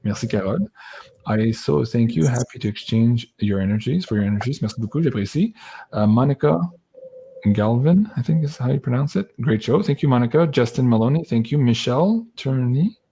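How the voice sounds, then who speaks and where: A man's voice: mid-range voice, expressive, fairly quick, vocal fry, warm tone. A man co-hosting a livestream, chatting casually and thanking donors by name. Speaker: livestream co-host.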